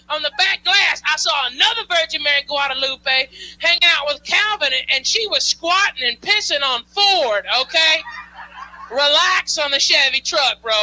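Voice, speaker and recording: A man's voice: very high-pitched, bright, forceful tone, poor audio. A male stand-up comedian on a club stage, talking loose and slangy while teasing the crowd through a handheld mic.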